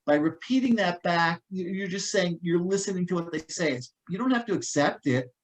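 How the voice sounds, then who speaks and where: A man with a slightly higher voice gives a relaxed, unscripted talk on staying safe. He rambles a little, restarting sentences and scattering "you know" and "um" as he explains. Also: brisk, low-quality recording. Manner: casual, many fillers and restarts. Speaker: guest speaker on personal safety. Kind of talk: informal talk.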